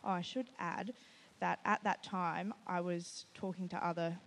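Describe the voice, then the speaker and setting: A woman giving a personal testimony to a church group, telling her story in an animated way and often quoting herself. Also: on the low side, unhurried. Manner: nervous and laughing at times. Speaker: testimony speaker at a church gathering.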